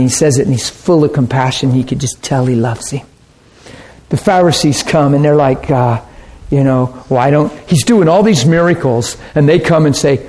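Animated preaching man, slightly high voice. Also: normal speed. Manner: animated, acts out harsh voices, laughs often. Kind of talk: sermon.

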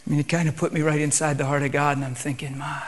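A man leads a sermon in a hushed, reverent manner, calm and subdued. His voice sits a little higher than most men's. He drifts in and out of prayer. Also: fast. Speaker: preacher.

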